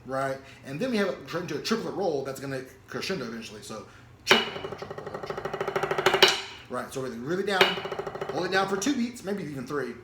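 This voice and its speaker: A man teaching snare drum parts, explaining rhythms casually and counting beats and stickings out loud. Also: on the high side, expressive, quick pace, heavy background noise. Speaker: drum instructor. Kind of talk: casual instructional talk. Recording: echoey room with loud drumming.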